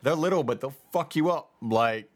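A man's voice: mid-range voice, moderate pace. A man co-hosting a podcast in casual chat, telling stories in a rambling, profane way with many restarts. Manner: rambling, profane, animated retelling. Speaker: podcast co-host.

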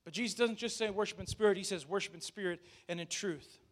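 Male pastor with a high voice, animated sermon that drops into casual asides with the church. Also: fast talker. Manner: animated, addresses the congregation directly; conversational asides with restarts.

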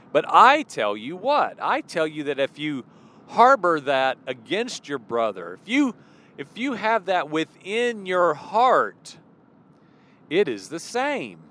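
A man's voice: fairly high pitch, wildly swooping pitch, slow, a bit bright. A man preaching an informal sermon in a conversational way, asking rhetorical questions and acting out imagined voices, recorded outdoors near traffic.

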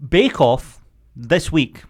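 Joking podcast co-host. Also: male voice, fairly high pitch, very animated. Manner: joking, banter with quick put-on voices. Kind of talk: casual chat.

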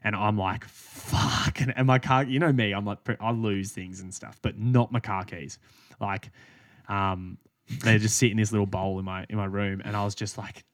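A young adult Australian man co-hosts a podcast, rambling through a story with casual swearing and laughs. His voice sits on the low side with fairly even intonation and normal speed, and the recording is dry.

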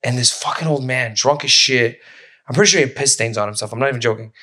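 A man's voice: medium pitch, fast. A man hosting a podcast, telling stories in casual chat, swearing freely and acting out other people's voices. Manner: animated storyteller, swears a lot, acts out voices. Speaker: podcast host.

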